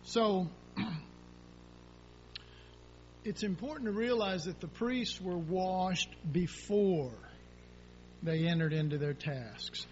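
A man preaches a sermon in a folksy, rambling manner, acting out prayers and putting questions to the congregation. His voice sits high, slow and full of pauses, on a dull lo-fi recording with a faint hum.

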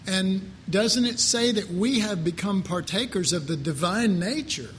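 Brief: high-voiced male preacher, casual joking sermon, faint hum behind. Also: measured pace. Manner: conversational, joking, rhetorical questions. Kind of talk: informal sermon to a live congregation.

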